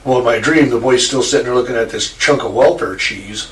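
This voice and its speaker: A man with a mid-range voice tells a friend a rambling story a little quickly, laughing and swearing casually. The mic is distant in an echoey room, with faint background noise.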